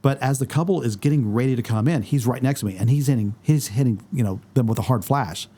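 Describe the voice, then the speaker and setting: A man's voice: medium pitch, fast. A man, a guest photographer in a casual podcast conversation, telling stories and acting out what others said. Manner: storytelling, animated quoting of others.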